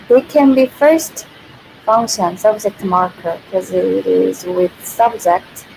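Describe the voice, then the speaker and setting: A woman's voice: medium pitch, a little mellow, rough recording. A woman with a Korean accent teaching her native language on a casual livestream. She giggles often and restarts and repeats her phrases. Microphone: built-in device mic, no external microphone. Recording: faint background noise, no proper mic.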